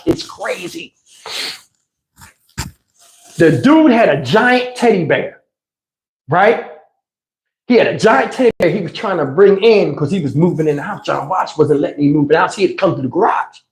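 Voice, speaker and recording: A man hosting a livestream, telling a wild personal story in an excitable, conversational way. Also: high voice. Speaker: channel host.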